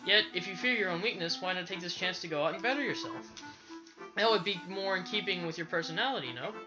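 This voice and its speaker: A let's play commentator voicing a calm female knight who encourages a young leader, with game music playing behind. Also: medium pitch, fast, close to an everyday voice, poor audio. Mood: encouraging. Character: calm advising female knight, gentle mentor.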